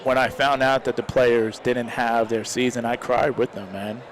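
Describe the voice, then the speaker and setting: A man's voice: medium pitch, flat delivery, normal speed, some chatter behind. Heartfelt rambling male stream commentator. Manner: rambling, heartfelt, leans on "man". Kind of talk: casual live commentary.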